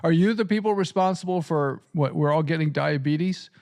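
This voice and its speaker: A middle-aged man from Nebraska hosts a relaxed podcast conversation. His fairly high voice has a gravelly fry running through it. He chuckles often and backs up to restart his sentences. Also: moderate pace. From Nebraska, USA. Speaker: podcast host and seminary professor. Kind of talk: casual podcast chat.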